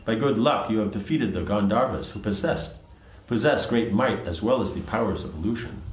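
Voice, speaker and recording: Man reading as a proud warrior, admiring friend, low voice, roomy echo. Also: lively intonation, normal speed, lightly acted. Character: proud male warrior praising his friend.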